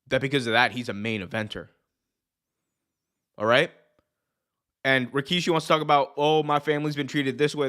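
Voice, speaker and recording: Animated man ranting about wrestling. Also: mid-range voice. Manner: animated, repeats himself, frequent restarts and fillers. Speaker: wrestling podcast host. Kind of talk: casual opinion rant to live viewers.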